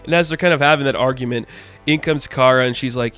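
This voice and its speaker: A man's voice: mid-range voice, fast, fairly bright tone, smooth, faint music behind. A man giving a casual comic book review, chatty and full of fillers, loosely paraphrasing what the characters say.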